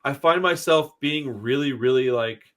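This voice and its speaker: A man's voice: medium pitch, moderate pace, fairly bright tone. A man hosting a movie podcast, telling long stories in a blunt, profane, rambling way. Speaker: podcast host. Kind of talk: casual chat, storytelling.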